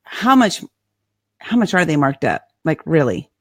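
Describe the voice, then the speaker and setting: Female talk host, lower pitch, dry close mic, chatty, interjects questions. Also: big pitch swings, measured pace, dry recording. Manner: friendly interjecting questions, laughs easily. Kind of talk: casual interview.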